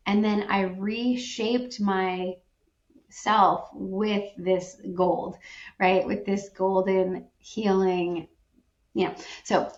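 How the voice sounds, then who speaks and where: A woman's voice: mid-range voice, reverberant, lo-fi sound. A woman talking as a podcast guest, earnest and reflective, sometimes acting out the reactions she quotes. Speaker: podcast guest, wellness speaker. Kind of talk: podcast conversation.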